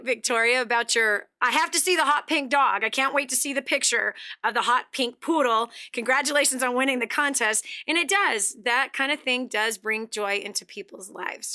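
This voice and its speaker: A middle-aged woman hosting a motivational talk show, chatty and animated, laughing often as she talks. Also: fairly high pitch. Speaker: radio show host.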